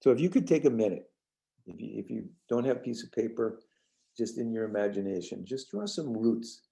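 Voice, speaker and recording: Older male workshop trainer from the New York suburbs, gravelly and very dark, casual lecture with halting restarts. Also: medium pitch, lively intonation, rough recording. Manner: rambling, repeats words and restarts, gentle. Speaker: trainer leading a parenting workshop.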